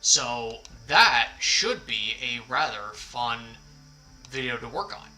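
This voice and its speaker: A man hosts a laid-back livestream and chats at an unhurried pace, rambling, apologizing and poking fun at himself. His voice is very bright and forward. Quiet background music plays under him. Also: medium pitch, lively intonation, poor audio. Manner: rambling, apologetic, self-deprecating. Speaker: livestream host. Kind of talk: casual livestream chat.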